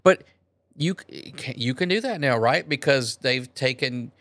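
A man's voice: medium pitch, lively intonation, measured pace, a bit bright, dry recording. A man co-hosting a podcast, blunt and casual, retelling jokes in crude banter. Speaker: podcast co-host.

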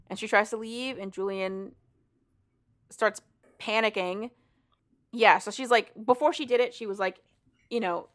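A woman's voice: mid-range voice, normal speed, pauses often, fairly bright tone. Woman rambling through a plot recap. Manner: rambling, breathless plot retelling with casual swearing. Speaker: podcast co-host. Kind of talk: casual book recap chat.

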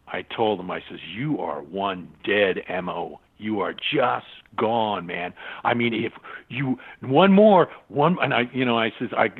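An older man tells stories as a guest in an interview. He slips into other people's voices and laughs often. The sound is thin and tinny, as if it came down a phone line. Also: medium pitch. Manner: animated anecdotes, acts out quoted voices, laughs often. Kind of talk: casual storytelling interview.

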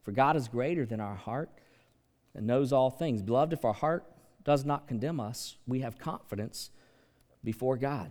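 A man preaching a sermon as pastor, in an animated manner that swings from soft asides to loud, emphatic lines. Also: medium pitch, normal speed. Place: large church sanctuary. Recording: long hall reverb.

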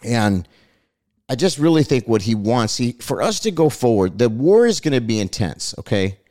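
A man's voice: medium pitch, very animated, moderate pace, a little mellow. A man hosting a Christian broadcast, preaching his commentary with passion and a repetitive cadence. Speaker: host of a Christian commentary show.

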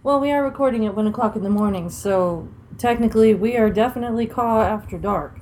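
A woman's voice: a little high, brisk, darkish tone, a little hiss or hum. A woman in a listener's recorded message, teasing her partner in a mock-indignant way. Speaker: listener sending audio. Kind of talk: casual chat.

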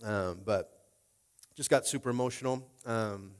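A man's voice: lowish voice, unhurried, clean tone. Tearful man pastor, rambling and casual. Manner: casual, emotional, rambling with many fillers. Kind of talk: sermon.

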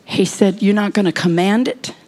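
A woman preaching a sermon, dropping into hushed whispers and then rising to urgent calls to the congregation. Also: mid-range voice, normal speed.

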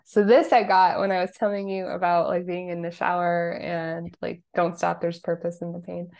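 A middle-aged woman speaking as a guest on a podcast, chatting in a relaxed, casual way and laughing easily. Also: lowish voice, vocal fry. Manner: relaxed, chatty, laughs often, uses "like" a lot. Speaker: podcast guest, spiritual coach. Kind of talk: casual interview chat.

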